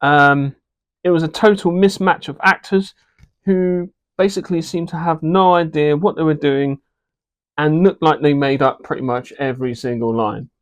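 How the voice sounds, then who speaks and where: A man's voice: a little high, moderate pace, smooth. Hesitant man reviewing a film. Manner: hesitant, many ums and uhs, frank opinions. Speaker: movie reviewer. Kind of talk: casual unscripted review.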